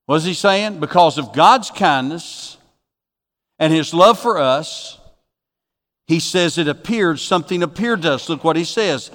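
A man preaching a sermon as pastor, folksy, moving from quiet asides to emphatic bursts. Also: fairly high pitch, lively intonation, a little slow. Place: church sanctuary. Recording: long reverb of a church hall.

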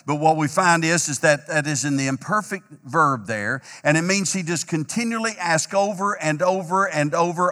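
A man preaching an emphatic, repetitive sermon as pastor, a little hoarse. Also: on the high side, a little fast, pushed and bright, long reverb tail. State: slightly hoarse, clearing throat.

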